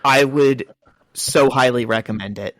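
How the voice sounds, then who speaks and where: A man's voice: medium pitch, unhurried, dry recording, studio quality. Enthusiastic rambling podcast co-host man. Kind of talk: casual chat.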